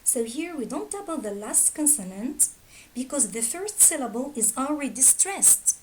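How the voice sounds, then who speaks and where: A woman teaching a grammar lesson, reading out word pairs slowly and deliberately. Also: sits high, sing-song, a little mellow, a little hiss or hum, low-quality recording. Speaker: English teacher.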